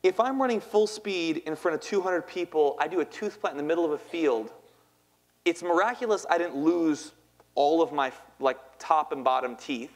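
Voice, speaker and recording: A man in his thirties tells a personal story to a live audience in a fairly high voice. He is playful and chatty, and keeps asking the crowd questions. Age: 30s. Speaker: poet and speaker. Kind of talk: spoken-word storytelling talk.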